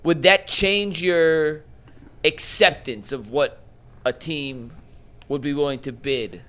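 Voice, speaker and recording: A man hosts a sports talk show, framing questions and guiding the conversation. His voice is a touch high for a man. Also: slow, fairly bright tone. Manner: asks questions and steers the discussion.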